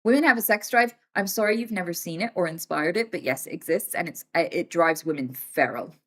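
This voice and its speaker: A woman in her thirties talking casually on a live stream, animated and swearing freely. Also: fairly low pitch, a little fast. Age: 30s. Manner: animated and swearing, acts out quoted voices.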